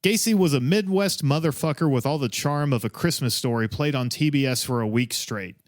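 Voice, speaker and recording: A man co-hosting a comedic true-crime podcast, sardonic and profane as he tells a dark story and mock-scolds the audience. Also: mid-range voice, brisk, no room sound, studio quality. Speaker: podcast co-host telling the story.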